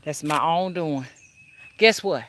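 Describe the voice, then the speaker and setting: A woman hosting a spiritual livestream from home on her phone, keeping her voice low and greeting viewers one by one by name. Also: slow, fairly bright tone, a little hiss or hum. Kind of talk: casual livestream chat with viewers.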